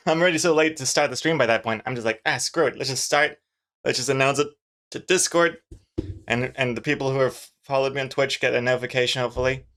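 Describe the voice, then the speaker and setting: A webcomic artist streams his drawing session, chatting loosely in a mid-range, slightly bright voice. His talk is rambling and jokey, peppered with fillers.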